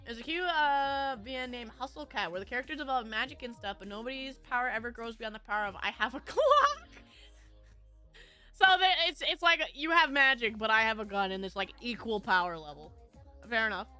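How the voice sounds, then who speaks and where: Giggly woman streamer, high bright voice, casual chat, faint music behind. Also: fast talker, smooth. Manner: giggly, laughs often. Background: faint background music.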